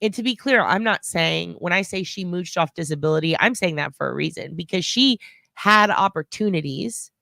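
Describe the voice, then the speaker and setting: Brief: lively woman talking through a case theory, acting out the people involved, dry mic. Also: on the low side, moderate pace, creaky, no echo. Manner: animated, acts out scenes in quoted voices. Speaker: true-crime commentator. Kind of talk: casual theorizing chat.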